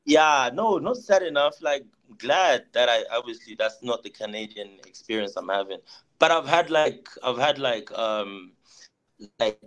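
A man's voice: mid-range voice, animated, a little slow, a bit bright, low-quality recording. A man guest on a radio interview, playful and joking in casual chat. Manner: playful, joking, laughs often. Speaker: guest musician and comedian.

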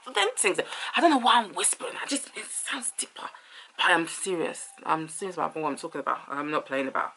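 Woman from Ghana, vlog host, bright forward tone, lively chatty delivery with whispered asides, faint hiss behind. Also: fairly low pitch, fairly quick. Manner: animated, drifts into whispers and singing. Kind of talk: casual vlog chat.

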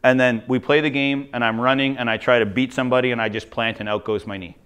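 A man from Ontario, a teacher telling jokey, animated stories in a conference talk. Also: mid-range voice, fast, clear, resonant tone. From Ontario, Canada. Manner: animated, jokey, acts out quoted voices. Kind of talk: humorous storytelling presentation.

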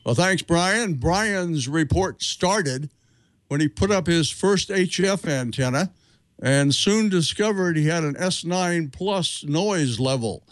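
A middle-aged man hosting a show, reading announcements in a measured, steady way with a few fillers. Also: on the high side. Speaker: show host. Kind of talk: scripted announcements.

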